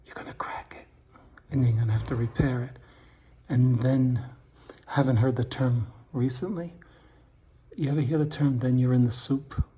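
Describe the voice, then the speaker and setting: A middle-aged man installing wallpaper, chatting casually and dropping into hushed asides as he works. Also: mid-range voice, steady tone, normal speed. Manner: chatty, drifts into hushed asides while working. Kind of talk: casual how-to chat while working. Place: room being wallpapered.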